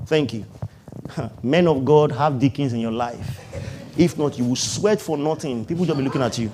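A man preaching a sermon, switching between loud calls to the congregation, low asides and laughter. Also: moderate pace, long pauses, slight background noise. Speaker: pastor.

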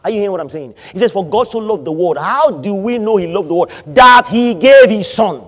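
Man, preacher, high voice, sermon, questions to the congregation, loud then quiet. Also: animated, a little fast. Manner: call-and-response questions to the congregation; swings between loud emphatic lines and quiet asides.

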